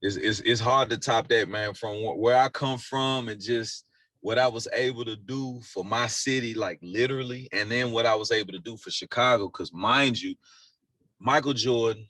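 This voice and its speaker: A man's voice: medium pitch, sharp tone, no room sound. Producer guy chatting easy, lots of slang, dry close sound. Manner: laid-back storytelling with slang and repeated phrases. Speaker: music producer guest. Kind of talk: casual storytelling interview.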